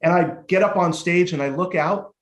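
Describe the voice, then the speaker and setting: A man telling his life story as a guest on a casual podcast interview, lively and candid, swearing now and then. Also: high-pitched, normal speed, echoey room. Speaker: guest, motivational speaker and life coach.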